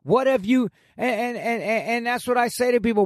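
A man's voice: extremely high pitch, a little fast, few pauses, no room sound, studio quality. Brash profane New man in his sixties. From New York. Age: 60s. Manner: aggressive, profane, boastful. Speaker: podcast guest. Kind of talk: profane storytelling in an interview.

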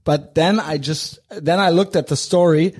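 A man's voice: a little high, moderate pace, a little mellow, breathy edge. A man with a German accent hosting a podcast from a hotel room, chatting casually, laughing easily and teasing his guest. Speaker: podcast host.

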